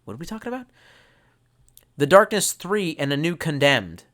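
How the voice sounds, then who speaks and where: A man's voice: fairly high pitch, big pitch swings, moderate pace, fairly bright tone. A man, drunk, rambling and swearing as he reads out chat on a live stream. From United States. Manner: profane, rambling, mock-angry outbursts.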